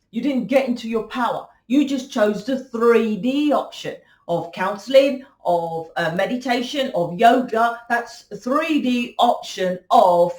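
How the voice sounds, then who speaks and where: Blunt, swearing woman reading tarot. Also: on the high side. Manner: blunt, swearing, confrontational, lecturing. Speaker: tarot reader. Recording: echoey room.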